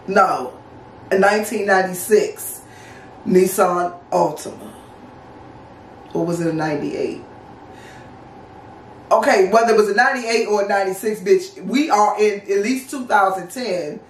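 A woman in her thirties with a DC-area accent, telling a casual storytime in a blunt, profane, animated way and acting out the dialogue. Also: medium pitch, a little slow, long pauses, a little hiss or hum. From Washington DC area. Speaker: vlogger. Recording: roomy, mic at a distance.

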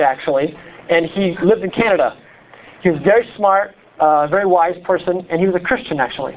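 A pastor from Iowa with a Midwestern accent, preaching a sermon in an animated, conversational way full of rhetorical questions. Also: male voice, high-pitched, dull audio. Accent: Midwestern American.

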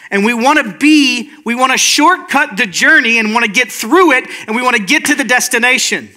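A man's voice: very high voice, fairly quick, sharp tone. A male pastor giving a casual, earnest sermon, often checking in with his listeners. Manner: informal, earnest, checks in with "right?". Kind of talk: conversational sermon.

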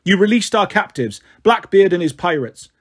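A man's voice: high voice, expressive, normal speed, husky. A man voicing a proud, cold woman warrior queen in a storybook reading, commanding and icy.

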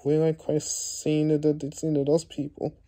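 A young man vlogging to his viewers, tearful and halting, repeating words and restarting often. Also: on the high side, monotone, dark tone. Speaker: YouTuber. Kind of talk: emotional vlog talk to viewers.

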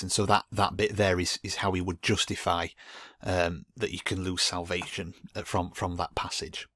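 A man's voice: sits low, flat delivery, normal speed, fairly bright tone, dry recording, studio quality. A man giving a Christian video commentary, arguing emphatically against a preacher's teaching with frequent restarts and repeated words. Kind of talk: monologue rebutting a preacher with scripture.

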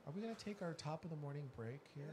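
A man hosting a wrestling podcast, relaxed and jokey, rambling with fillers. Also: fairly high pitch, racing, crowd noise. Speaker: podcast host. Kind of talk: casual wrestling chat.

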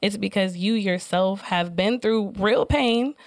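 A woman co-hosting a podcast, speaking in a calm, measured and reflective way. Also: mid-range voice, no echo, studio quality. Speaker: podcast co-host. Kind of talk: casual podcast talk.

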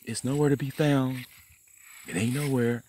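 A man's voice: medium pitch, steady tone, normal speed, warm tone, a little hiss or hum. A man vlogging outdoors by a garden plot, rambling, swearing and laughing as he taunts someone. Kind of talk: rambling outdoor vlog rant.

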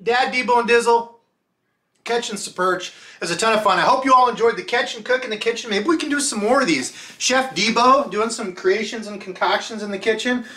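Male vlog host, bright tone, easygoing and jokey, narrates cooking at home. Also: very high-pitched, a little fast. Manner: loose, joking, talks while he cooks. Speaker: fishing channel host. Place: home kitchen.

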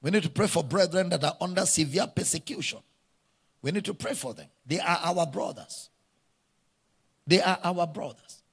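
A man's voice: high-pitched, normal speed, pauses often, husky. A man with a Nigerian accent, preaching a sermon to a congregation, leading call-and-response and repeating key phrases for emphasis. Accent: Nigerian English. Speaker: pastor. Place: church hall. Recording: reverberant church hall.

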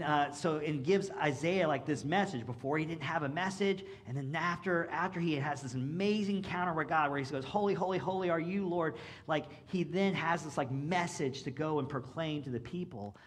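A male pastor giving a sermon in a casual, conversational way, full of "like" and "right?", swinging between loud emphatic lines and quiet asides. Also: a little high.

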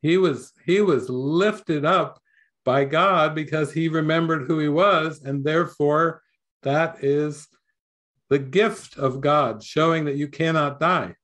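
A man's voice: on the high side, takes it slowly, a bit bright. An older man teaching a spiritual talk, storytelling playfully and laughing often. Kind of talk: sermon.

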